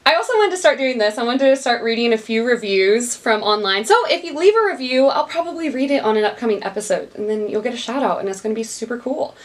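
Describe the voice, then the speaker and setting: A woman's voice: fairly high pitch, animated, quick pace, few pauses. A young woman hosting her own podcast, upbeat and bubbly, laughing often and talking straight to her listeners. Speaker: podcast host. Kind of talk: casual solo podcast chat. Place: small recording studio.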